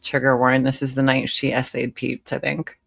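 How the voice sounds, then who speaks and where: A woman's voice: extremely low pitch, monotone, a little fast, gravelly, fairly bright tone. A woman hosting a live reaction stream, commenting bluntly and sarcastically. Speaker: reaction host.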